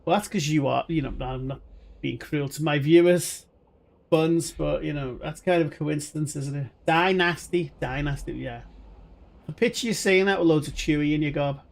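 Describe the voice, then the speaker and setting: A man's voice: a little high, moderate pace, creaky. A man live-streaming a video game, rambling chattily and talking to his chat viewers. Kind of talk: live gaming stream commentary.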